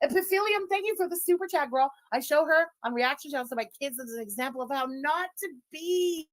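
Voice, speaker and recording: A woman's voice: high-pitched, expressive, a little fast. A woman streamer gleefully mocking a clip and thanking viewers, swearing freely. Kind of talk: livestream reaction commentary.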